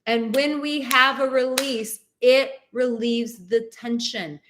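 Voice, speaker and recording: Female live-stream advice host, a bit high-pitched, leans on repeated words, talks directly to viewers. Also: fairly even intonation, slow, fairly bright tone, slight background noise. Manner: emphatic, repeats words for stress; encouraging, speaks straight to viewers. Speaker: dating and relationship advice host.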